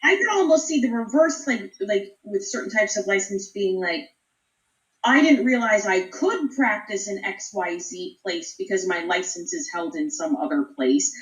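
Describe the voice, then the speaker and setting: A woman's voice: medium pitch, animated, normal speed, recorded from a distance. Woman co-host in an echoey room. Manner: conversational, with filler 'like'. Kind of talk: casual conversation.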